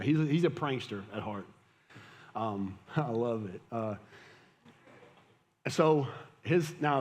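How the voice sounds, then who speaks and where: A man's voice: medium pitch, darkish tone, slight background noise. A man, preaching a sermon as a pastor, telling a casual, conversational story and laughing at it. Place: church hall with audience. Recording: live church hall with long reverb.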